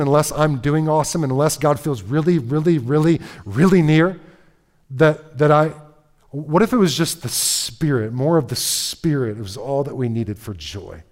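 A man preaching a sermon in a lively, conversational way, reading scripture and breaking into casual asides with frequent "right?" and "okay?". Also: fairly high pitch. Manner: reads scripture aloud, then comments in asides. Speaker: pastor.

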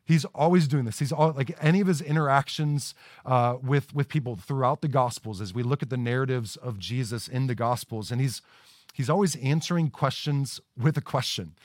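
A male pastor delivers a conversational sermon to people watching at home. His voice sits at a middle pitch and stays casual, with frequent restarts and repeated words. The sound is dry and close, with no room echo. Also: normal speed. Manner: conversational, repeats words when starting sentences. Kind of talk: livestreamed sermon.

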